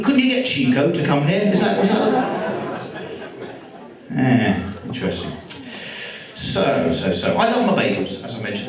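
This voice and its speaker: An English man doing chatty, self-deprecating stand-up comedy to a live audience in a school hall, bantering with the crowd. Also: on the high side. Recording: echoey hall, mic from far off.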